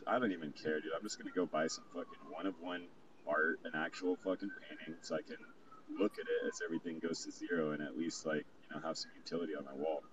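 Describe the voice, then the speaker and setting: A man telling a rambling, profane party story in casual chat over a remote call. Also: a bass voice. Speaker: guest recounting a party. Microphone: remote call mic. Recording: distant muffled mic with faint hiss.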